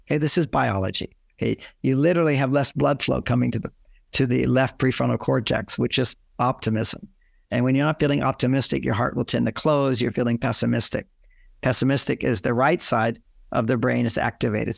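A man's voice: mid-range voice, gravelly, dry recording, studio quality. A man giving relationship advice as a guest in an interview, rambling and often acting out quoted dialogue.

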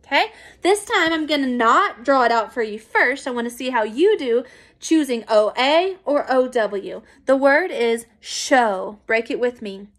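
A woman teacher giving a recorded phonics lesson to young children, encouraging and clear. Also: high voice, lively intonation, a bit bright. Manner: slow, clear, encouraging classroom pacing.

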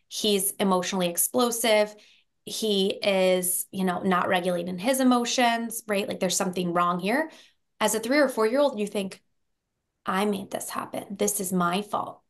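A woman therapist on a podcast, explaining in a lively conversational way, acting out example voices and often checking in with "right?". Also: medium pitch. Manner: animated storyteller, acts out quoted voices with frequent "right?". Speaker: therapist guest.

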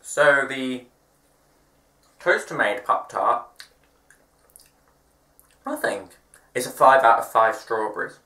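A chatty young male vlogger with a bright, sharp voice. He talks in an upbeat, self-mocking way in an echoey room at home. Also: medium pitch, expressive, slow pace, long pauses. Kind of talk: casual vlog chat.

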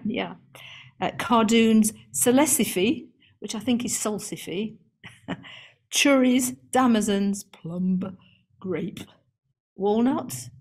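A woman's voice: mid-range voice, a little mellow. A woman garden historian giving a seminar talk to a room and online audience, chatty and amused, reading out lists with frequent ums and restarts.

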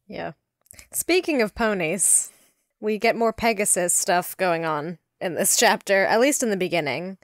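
A woman co-hosting a podcast in casual book-discussion chat, talkative and quick to act out characters' lines. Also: medium pitch, lively intonation, dry recording, clean studio sound. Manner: chatty, acts out characters' lines in quick impressions. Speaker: podcast co-host.

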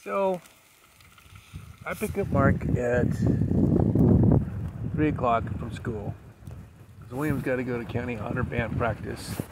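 A man with a gravelly, creaky voice spins a rambling dog story while walking outdoors on his ranch. He keeps it chatty and loose, and the camera mic picks up a lot of outdoor noise around him. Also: mid-range voice, measured pace, long pauses. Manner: chatty, rambling, animated when telling the story. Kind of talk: casual storytelling vlog. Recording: noisy outdoor camera recording.

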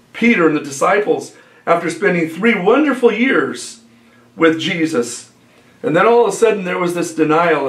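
A male pastor giving an earnest, unhurried sermon, often pausing with fillers and repeating phrases. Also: on the high side, roomy sound.

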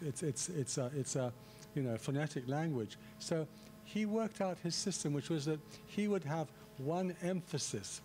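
Slightly high-voiced man giving a public lecture. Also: a little mellow, slight background noise. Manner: conversational, many restarts and asides. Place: lecture hall.

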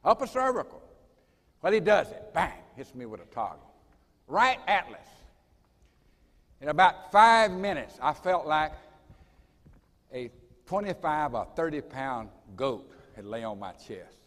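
A man leads a school assembly in a folksy, dramatic manner. His voice sits a little high and moves up and down a lot. The long reverb of a large hall trails after every phrase. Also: big pitch swings, a little slow, pauses often, a bit bright. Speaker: college president. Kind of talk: assembly speech with personal storytelling.

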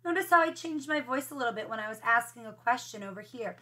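A woman's voice: on the high side, animated, quick pace, bright, forceful tone. A woman first grade teacher reading a picture book aloud to children, patiently explaining how to read it with expression.

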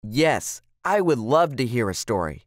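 A man's voice: mid-range voice, sing-song, measured pace, no room sound, studio quality. A man voicing an eager, curious little girl in a storybook reading. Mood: excited. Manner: eager, asks many questions.

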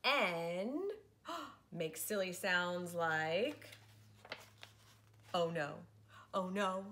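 A woman's voice: lowish voice, very slow, fairly bright tone, a little hiss or hum. A woman, a preschool teacher, reading a picture book aloud to children in a playful, theatrical way. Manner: playful, theatrical, switches into silly voices.

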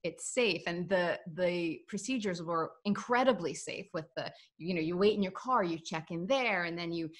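A woman's voice: on the low side, normal speed, hardly any pauses. A woman hosting an interview, telling a story in a chatty, friendly way over a video call. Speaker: interview host. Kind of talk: casual interview chat.

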